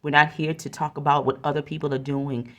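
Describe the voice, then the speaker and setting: Woman w a really low voice doing a spiritual card reading, earnest and encouraging, keeps repeating herself. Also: little pitch movement, brisk. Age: adult with a young son. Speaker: oracle card reader.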